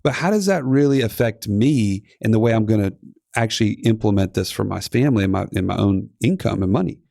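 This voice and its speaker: Gravelly man chatting on a finance podcast. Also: lowish voice, animated, brisk, mellow, no echo, studio quality. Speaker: podcast co-host. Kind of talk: casual finance podcast chat.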